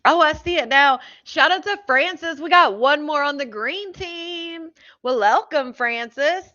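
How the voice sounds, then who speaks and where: Woman live-stream host, chatty, bright sharp voice, a little high, dull lo-fi sound. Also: measured pace. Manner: chatty, greeting viewers one by one. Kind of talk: casual live-stream chat.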